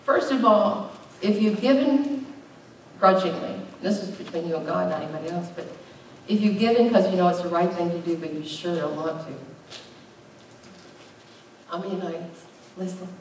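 A woman's voice: lowish voice, expressive, moderate pace, long pauses, darkish tone, a little hiss or hum. A middle-aged woman pastor preaching a conversational sermon with emphatic bursts. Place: church sanctuary. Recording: very echoey, distant church recording.

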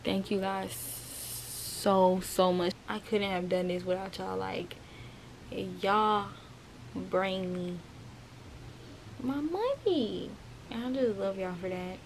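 A woman's voice: medium pitch, slow pace, a little hiss or hum. A young woman chatting casually to her viewers in a vlog from her bedroom, often calling them y'all. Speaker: vlogger.

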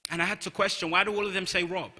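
A man with a London accent preaches in an emphatic, repeating style, his voice high and piercingly bright. Long reverb trails off the walls of a large church hall around him. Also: fairly even intonation, racing. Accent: London English. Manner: emphatic, repeats key phrases, reads scripture aloud. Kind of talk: sermon.

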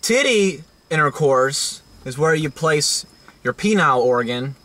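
Bright-voiced man hosting a joking vlog. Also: mid-range voice, fairly even intonation, a little slow. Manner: rambling, jokey, lots of fillers and restarts. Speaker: vlog host. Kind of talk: casual crude joking chat.

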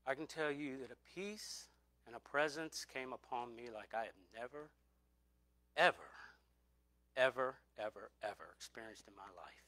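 A man's voice: mid-range voice, moderate pace, bright, forceful tone, no echo. A middle-aged man preaching a sermon, telling a personal testimony earnestly and repeating phrases for emphasis.

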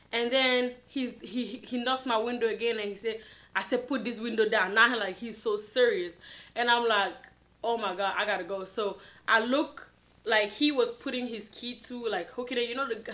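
Bright-voiced woman telling a storytime. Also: a little high. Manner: animated casual storytelling, many fillers. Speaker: vlogger. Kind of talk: storytime vlog.

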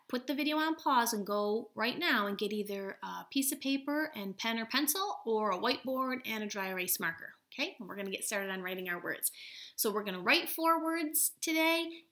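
Speaking gently and slowly, a woman with a medium-pitched voice teaches first graders in a recorded video lesson. She sounds out words for the children.

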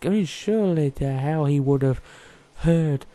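Brief: man, let's-play host, fairly high voice, very dark and mellow tone, chatty and jokey. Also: unhurried. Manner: chatty, joking, talks to game characters. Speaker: gaming YouTuber. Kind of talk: casual let's play commentary.

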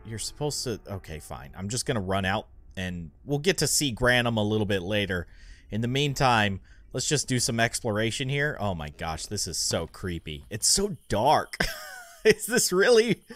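A man's voice: medium pitch, animated, moderate pace, fairly bright tone. A young man hosting a gaming channel, rambling through let's play commentary and getting easily spooked.

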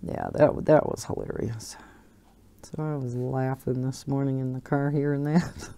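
Woman host, casual coloring chat, slow and easygoing, rambling with frequent laughs. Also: a bass voice, steady tone, mellow. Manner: chatty, rambling, laughs often.

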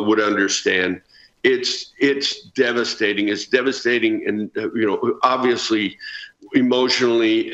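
Earnest man on a roomy, dull remote feed. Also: on the low side. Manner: earnest, animated storytelling. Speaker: former ballplayer guest. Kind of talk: remote news interview.

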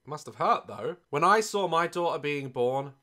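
A man hosting a comedic reaction video, loud and mocking, swearing often and laughing between rants. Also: fairly high pitch, expressive, normal speed, a little hiss or hum.

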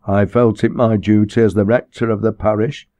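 A man's voice: lowish voice, little pitch movement, normal speed, mellow, dry recording, natural voice. A man voicing a self-important country rector who speaks in a formal, stiff and sonorous way.

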